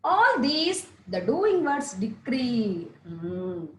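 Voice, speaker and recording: A woman teacher giving a slow, repetitive lesson to young children, often asking them questions. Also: on the high side, very animated, a bit bright, echoey room, low-quality recording.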